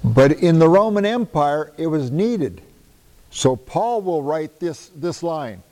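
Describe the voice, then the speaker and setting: An older Midwestern man teaches a Bible class, slow and unhurried, with a mellow, dark tone. His voice carries a long reverb from a hall, and he talks conversationally with the group. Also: fairly high pitch, sing-song. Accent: Midwestern American. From American Midwest. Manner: conversational, takes questions, chuckles at himself.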